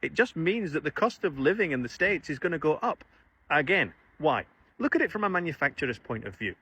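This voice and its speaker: A man's voice: a little high, slightly rough. A man in an opinion clip explaining his view of tariffs in a mocking tone. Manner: fast, animated, mocking.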